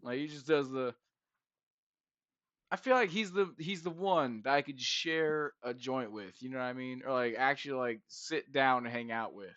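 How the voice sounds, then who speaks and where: Bright, brash podcast host. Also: male voice, mid-range voice, moderate pace, no room sound, muffled recording. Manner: brash, crude teasing, laughs a lot. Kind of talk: casual chat. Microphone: headset.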